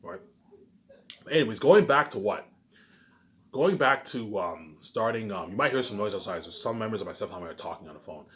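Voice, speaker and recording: With a lowish, fairly bright voice, a man speaks briskly and expressively in a boastful rant. His rambling monologue repeats itself, and he keeps throwing in "obviously" and "you know what I'm saying."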